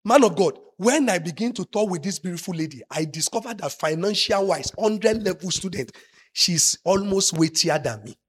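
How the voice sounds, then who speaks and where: High, husky preacher man. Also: expressive, moderate pace. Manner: swings from soft asides to shouted emphasis. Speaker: pastor. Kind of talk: sermon.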